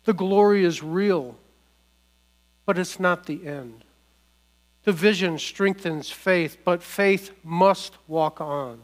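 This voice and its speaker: Measured, unhurried male preacher. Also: high-pitched. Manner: measured, declarative preaching with deliberate pauses. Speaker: pastor. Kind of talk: sermon.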